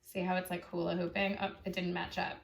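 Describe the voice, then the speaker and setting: A woman's voice: on the low side, little pitch movement, a little fast, vocal fry, slight background noise. Chatty, encouraging woman art teacher. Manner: chatty, encouraging, easily sidetracked. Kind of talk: online drawing lesson for kids.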